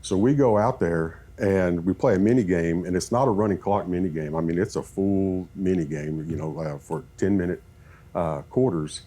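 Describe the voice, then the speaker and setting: A man who coaches football, telling animated stories in a podcast chat and acting out what people said. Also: low voice, normal speed. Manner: animated storyteller, acts out quoted talk.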